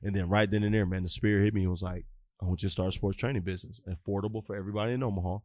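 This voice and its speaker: Animated man telling coaching stories, dry mic. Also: deep voice, rapid-fire, no room sound. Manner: animated, acts out dialogue in his stories, filler-heavy. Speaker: youth football coach and guest. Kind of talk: casual interview storytelling.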